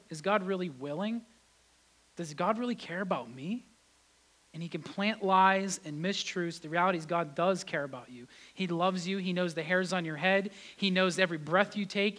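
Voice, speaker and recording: A man preaching a sermon as pastor, animated, rising loud on key points and dropping to a quiet tone in reflective moments. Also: sits high. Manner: acts out biblical voices in his telling.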